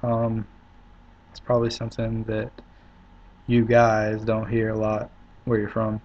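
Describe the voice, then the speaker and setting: A young Southern man with an Upstate South Carolina accent talks in a casual video reply. His voice is low and very flat, with frequent hesitant pauses. The sound is dull and lo-fi, like a built-in webcam mic. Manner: relaxed, halting, many "um" pauses. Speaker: vlogger.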